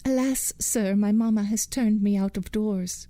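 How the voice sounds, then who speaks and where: A woman voicing a gentle, polite young girl in a bedtime storybook tale. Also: medium pitch, fairly even intonation, unhurried, no room sound, natural voice. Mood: sad. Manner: gentle and meek.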